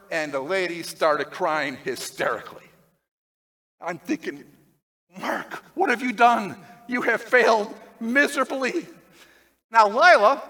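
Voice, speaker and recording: A pastor with a high-sitting voice tells a personal story in a sermon, swinging lively between excited, loud passages and hushed, tender ones.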